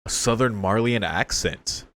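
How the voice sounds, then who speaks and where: Low, slow-talking man reacting to a show. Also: a bit bright, no room sound. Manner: exclamatory, swears often, talks to the screen. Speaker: reaction video creator. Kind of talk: casual reaction commentary.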